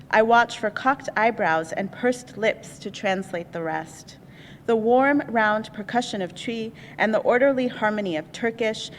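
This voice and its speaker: A woman, an author, reading a passage from her own memoir aloud in a measured, reflective way at a college lecture. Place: lecture hall on a college campus. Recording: echoey hall, faint rumble.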